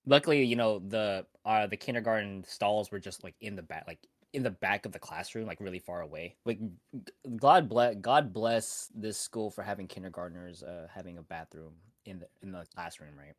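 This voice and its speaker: Young man, podcast co-host, rambling storyteller, low voice, dry sound. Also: normal speed, hardly any pauses, no echo. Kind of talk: casual storytelling chat.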